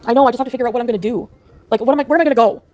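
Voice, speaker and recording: A woman's voice: on the high side, racing, darkish tone, soft background music. A woman talking in a casual live chat, upset and rambling with lots of "like"s. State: distressed. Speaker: livestreamer.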